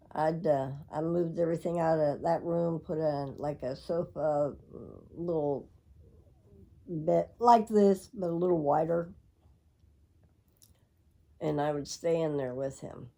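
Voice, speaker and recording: A woman's voice: deep voice, creaky, warm tone. A middle-aged woman telling a rambling, reflective personal story to her viewers. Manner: rambling, reflective, with frequent laughs. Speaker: vlogger.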